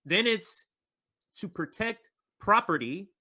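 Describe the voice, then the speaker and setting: A man's voice: sits high, lively intonation, slow pace, sharp tone, breathy edge. A man giving political commentary in an emphatic, incredulous way.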